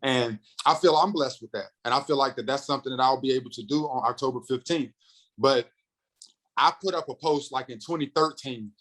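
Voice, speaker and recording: In a casual podcast interview, this man from North Carolina, a comedian and radio host in his thirties, spins animated stories. He does voices for the people he quotes and talks faster when he gets worked up, in a medium pitch. Audio quality is poor.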